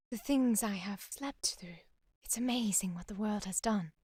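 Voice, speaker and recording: A woman voicing a powerful female deity guardian with a British accent, calm, laid-back and quietly assured. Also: mid-range voice, measured pace, husky, no echo, clean studio sound. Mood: awed.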